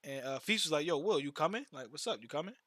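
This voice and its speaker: A man's voice: a little high, lively intonation, quick pace, fairly bright tone, dry recording, clean studio sound. A man streaming and chatting casually, telling long slangy stories with repeated false starts. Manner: loose slangy storytelling, repeats words. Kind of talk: casual chat.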